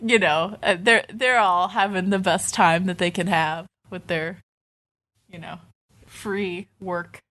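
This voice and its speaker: A young adult woman co-hosting a casual podcast, telling stories in an animated, laughing way. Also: on the low side, slow pace. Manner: animated storyteller who laughs at her own anecdotes. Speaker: podcast co-host.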